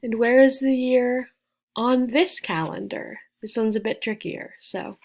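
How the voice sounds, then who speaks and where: A woman teaching a beginner English lesson, spelling out and repeating words slowly with careful, clear pronunciation. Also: a little high.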